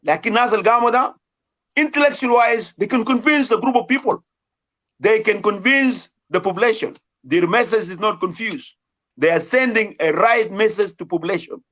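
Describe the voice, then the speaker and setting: South Sudanese male debater, high-pitched, insistent, keeps cutting in with repeated words. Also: a bit bright. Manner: insistent, talks over others, repeats words. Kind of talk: heated online debate.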